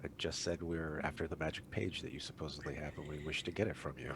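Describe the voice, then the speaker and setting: Deep-voiced man playing a tabletop game. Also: little pitch movement, quick pace, background noise. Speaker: player.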